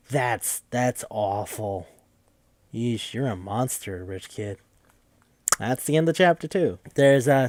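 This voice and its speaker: A young man casually recapping a video game for a podcast, rambling, swearing freely and tossing in quick mocking quotes of the characters. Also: mid-range voice, dry recording. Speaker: podcast host.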